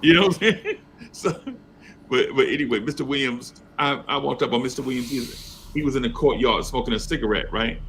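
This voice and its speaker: A man's voice: medium pitch, brisk, slight background noise. A man hosting a casual sports talk show, telling stories with animation and acting out other people's voices. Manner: animated storyteller, acts out voices. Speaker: podcast host.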